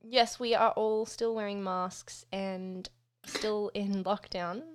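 A woman's voice: mid-range voice, steady tone, takes it slowly. An Australian woman co-hosting a casual podcast, playful and easygoing, laughing as she chats. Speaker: podcast co-host.

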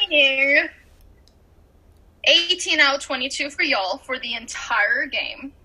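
A woman's voice: high voice, slow, long pauses, bright, forceful tone, rough recording. A woman co-hosting a casual podcast, announcing game results with lots of laughter. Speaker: podcast co-host running a game night.

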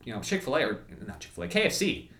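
A man's voice: fairly high pitch, sing-song, fast talker, creaky, bright, forceful tone, echoey room. A young man co-hosting a casual food review, rambling with lots of fillers and restarts. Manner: rambling, many fillers and restarts, laughs at himself.

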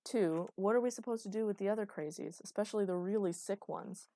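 A man's voice: high voice, brisk, vocal fry, dark tone, no echo. A woman reading the lines of an agitated male official in an audiobook, in a dry recording. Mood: exasperated. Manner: agitated, exasperated. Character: tense, irritated male government official.

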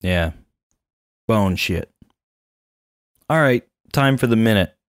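A man's voice: fairly low pitch, expressive, takes it slowly, no echo. A man co-hosting a casual chat about a movie, loose and joking, swearing now and then. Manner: loose, swearing, laughs a lot. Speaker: podcast co-host.

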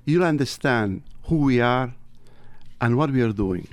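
A man with a Tuscan Italian accent, a native Italian speaker, telling stories as an interview guest with animated delivery and wide swings in pitch. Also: a little slow, dry recording. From Italy. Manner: animated, big pitch swings, acts out dialogue. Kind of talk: interview storytelling.

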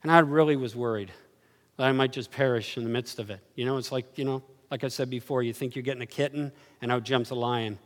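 Animated preacher man in an echoing hall. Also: fast talker. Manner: animated storytelling, swinging from low murmurs to excited highs. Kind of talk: sermon. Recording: reverberant hall.

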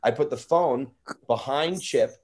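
A man hosting a podcast, telling a story in an animated, rambling way and swearing freely. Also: mid-range voice, a little slow. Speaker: podcast host. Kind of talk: casual storytelling.

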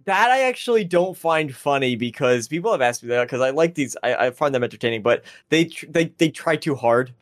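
A man of Italian background co-hosting a gaming podcast, chatting casually and riffing playfully like a pitch man. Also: expressive, a little fast, few pauses, dry recording, studio quality. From Italy. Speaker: podcast co-host. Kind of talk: casual chat.

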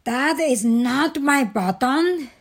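A woman's voice: high voice, expressive, heavily acted. A woman reading a storybook, voicing a fussy, grumpy male toad who complains and gets angry. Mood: fretful. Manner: complaining, quick to anger.

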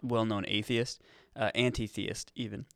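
A man's voice: fairly low pitch, fairly even intonation, measured pace, vocal fry, a bit bright, no room sound, studio quality. A man co-hosting a crude comedy podcast, telling rambling, profane stories with sudden outbursts. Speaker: podcast co-host.

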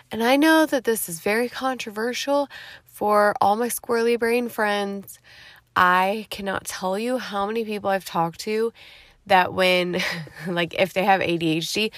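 A woman's voice: medium pitch, fairly bright tone, no echo. Tired but upbeat woman host, casual solo podcast chat, dry sound. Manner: chatty and upbeat, playful slang. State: tired, yawning. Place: dark home garage.

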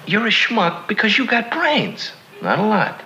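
A man's voice: high-pitched, huge pitch swings, measured pace, sharp tone, lo-fi sound, slight background noise, full character voice. An actor playing a blunt, tough-talking man who scolds a friend in street slang. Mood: scolding. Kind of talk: film dialogue.

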